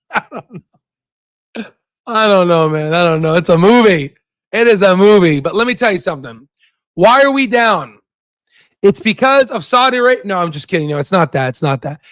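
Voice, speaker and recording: Hyped high-voiced man streaming stocks. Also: expressive, normal speed, long pauses, no echo. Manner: hyped, joking, bursts of shouting, lots of "right?". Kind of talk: casual livestream commentary.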